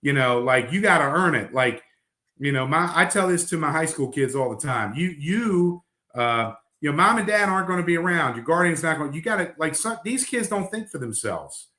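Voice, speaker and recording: A man's voice: fairly high pitch, expressive, moderate pace, bright, forceful tone, echoey room. A middle-aged man, a coach, talking bluntly in casual podcast chat, rambling with fillers and restarts. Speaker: basketball coach.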